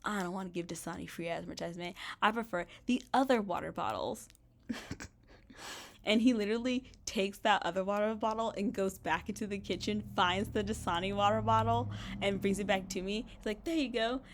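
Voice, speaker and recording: A woman's voice: mid-range voice, fairly quick, slight background noise. Young female vlogger, talkative, loose and filler-heavy, recorded in a bedroom. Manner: chatty, frequent "like" fillers, laughs often. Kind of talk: casual rambling vlog. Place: bedroom in an apartment.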